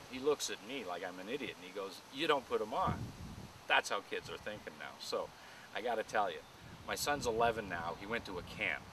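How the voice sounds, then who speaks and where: A middle-aged man doing a stand-up set in a driveway, telling family stories in a deadpan way and jumping higher for the lines he quotes. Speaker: amateur comedian. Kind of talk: stand-up storytelling. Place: outdoors in a driveway near traffic. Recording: distant camera mic outdoors, traffic noise.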